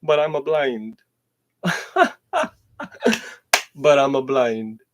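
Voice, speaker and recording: A man hosting his own solo show, rambling in a profane stream-of-consciousness monologue that slips into half-rapped verses and swings between loud outbursts and low mutters. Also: extremely slow, noisy background.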